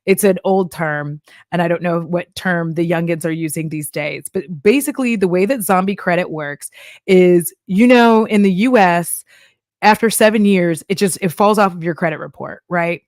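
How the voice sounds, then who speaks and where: A woman's voice: lowish voice, moderate pace, darkish tone, no room sound, clean studio sound. A young adult woman from Texas, chatting casually on a live stream, laughing often and acting out little voices. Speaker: streamer reacting to a video.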